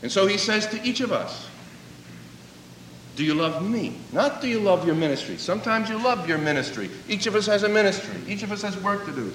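A man's voice: sits high, animated, brisk, a bit bright, slight background noise. A man preaching a sermon, telling a story and acting out its dialogue. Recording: echoey hall, voice from a distance.

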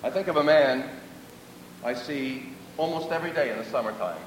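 A man preaching a sermon, earnest and repeating phrases for emphasis. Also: normal speed. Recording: echoey hall, distant mic, faint rumble.

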